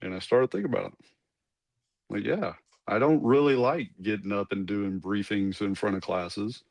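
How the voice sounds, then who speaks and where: A man's voice: fairly low pitch, moderate pace, creaky, dry recording. A man, a former Army commander, telling his story in a casual interview, rambling with asides and restarts.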